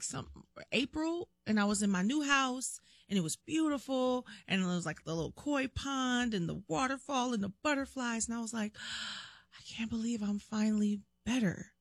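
A woman's voice: on the high side, animated, moderate pace, vocal fry, no echo, studio quality. A woman guest chatting in an interview, telling stories animatedly, acting out quotes and laughing often. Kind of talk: casual interview chat.

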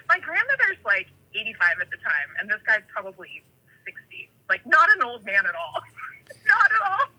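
A woman from California telling animated, rambling stories in casual chat, full of tangents and fillers. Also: medium pitch, normal speed, slightly rough, rough recording.

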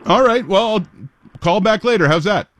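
A man's voice: high voice, animated, normal speed, a bit bright. A man hosting a radio morning show, chatting with callers in a jokey, casual way from a studio.

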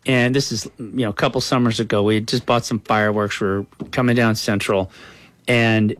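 A man's voice: fairly low pitch, steady tone, fairly quick. A man as a political guest, answering in a frank, earnest conversational way and often saying "you know".

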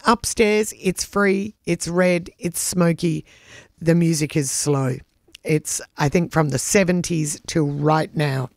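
A radio DJ talks chattily into a close studio mic, rattling off record details and shout-outs with easy enthusiasm. The sound is dry and tight. The pitch sits in a middle register. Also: fairly even intonation, takes it slowly, dry recording. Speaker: community radio DJ. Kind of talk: radio show back-announcing and shout-outs.

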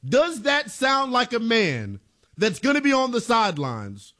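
A man's voice: very high-pitched, huge pitch swings, measured pace, bright, forceful tone. A man co-hosting a sports talk show, emphatic and incredulous, repeating his points for effect. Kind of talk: casual sports debate.

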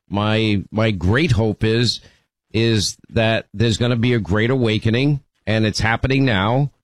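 A man's voice: medium pitch, no room sound, rough recording. A man hosting a call-in radio show, talking to callers in a conversational way and often restarting his sentences. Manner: conversational, repeats words when restarting. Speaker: radio talk show host. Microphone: studio microphone.

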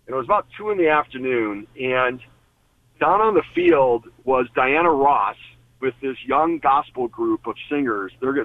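A man's voice: mid-range voice, no echo. Radio guest, male, earnest storyteller, restarts often, phone-line sound, dry. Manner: earnest, restarts and repeats words. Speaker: guest, former team executive. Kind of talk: storytelling in an interview.

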